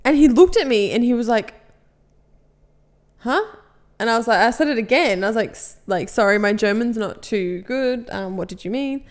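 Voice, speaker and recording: A woman's voice: a little high, expressive, moderate pace. A woman co-hosting a podcast who works a shop till, chatting casually and acting out customer exchanges with self-deprecating laughter. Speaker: podcast co-host; cashier. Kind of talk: casual chat.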